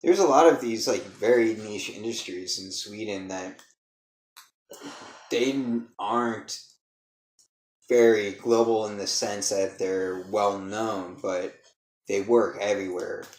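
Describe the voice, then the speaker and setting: A man's voice: fairly low pitch, slow pace, long pauses. A man co-hosting a podcast in laid-back casual chat, often calling people "man". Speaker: podcast co-host. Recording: echoey room.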